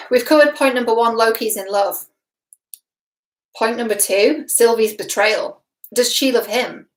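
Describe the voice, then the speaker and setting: On a casual reaction vlog, a young British relationship expert speaks in a voice on the high side. She's chatty and emphatic, laughs a lot, swears casually, and sounds like she's in an echoey room.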